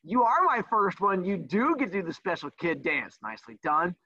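A man's voice: high voice, big pitch swings, normal speed, pushed and bright, no echo. A man teaching a livestreamed class, teasing his students in a sassy, playful way. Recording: dull lo-fi dry sound.

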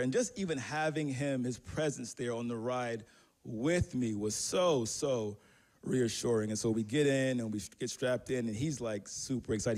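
A man's voice: medium pitch, darkish tone. A man preaching a sermon as pastor, telling a personal story in a conversational, self-deprecating way with many fillers and restarts.

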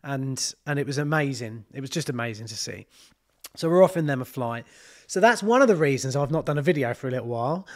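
A man's voice: mid-range voice, lively intonation, fast talker. A man, a plumber chatting casually on a live stream, rambling and swearing freely. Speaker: plumber and channel host.

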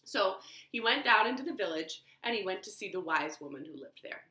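A woman librarian telling a children's story at home in an expressive, animated way. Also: mid-range voice, fairly quick. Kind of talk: storytime read-aloud. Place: living room. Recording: roomy living room echo.

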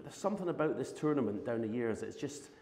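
Fast-talking Scottish man in an echoey arena. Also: mid-range voice, animated, a little mellow. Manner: rambling anecdotes with frequent restarts and laughter. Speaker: former snooker champion, podcast co-host. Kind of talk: live podcast chat on stage. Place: large arena in front of an audience. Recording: echoey live venue with long reverb.

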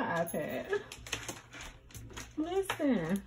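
A woman, chatting excitedly to viewers in a casual unboxing vlog, calling them y'all. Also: slow, noisy background. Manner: squeals up high when thrilled. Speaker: vlogger.

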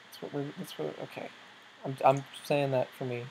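Excitable let's-play host thinking aloud. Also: medium pitch, moderate pace, gravelly, a little hiss or hum, low-quality recording. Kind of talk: casual gameplay commentary.

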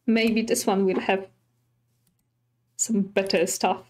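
Slow-talking woman narrating her gameplay. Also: medium pitch, little pitch movement, a little mellow. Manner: chatty, easily startled, talks to animals and villagers. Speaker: streamer. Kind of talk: casual gameplay commentary.

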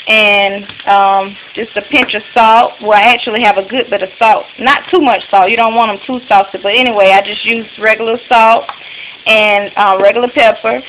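A woman hosting a casual step-by-step cooking video in her home kitchen, talking in a relaxed, chatty way with plenty of fillers. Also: medium pitch, normal speed. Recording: noisy home video with pan sizzle. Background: frying and sizzling pan.

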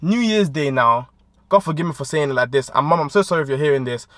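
High-voiced London man telling a comic story. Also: fast talker, no room sound. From United Kingdom. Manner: animated, voices quoted people with big pitch jumps. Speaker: storytime vlogger.

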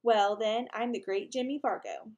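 A woman doing a loud, high-voiced boy. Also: moderate pace, highs cut off, natural voice. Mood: cocky. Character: excitable boy, about twelve, touchy and competitive.

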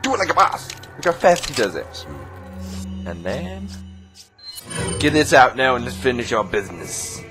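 A man playing through a video game and commenting casually, excitable, yelling at enemies and laughing. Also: mid-range voice, normal speed, pauses often, over music. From United Kingdom. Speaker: let's play gamer.

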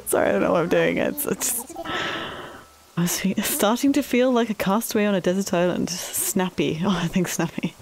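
A woman commenting casually on her game, excitable and chatty with frequent giggles. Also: medium pitch, fairly quick. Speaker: gaming vlogger. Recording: soft background music.

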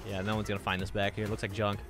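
A young man chatting casually while playing a roleplay game, excitable and joking. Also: lowish voice, racing, soft background music. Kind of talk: casual gameplay chat.

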